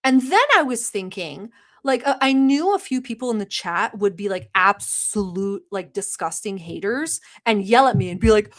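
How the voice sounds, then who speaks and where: A woman's voice: medium pitch, lively intonation, moderate pace. A young woman hosting a livestream, talking in a sarcastic, rambling, mock-earnest way with lots of fillers. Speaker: livestream host. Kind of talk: satirical livestream chat.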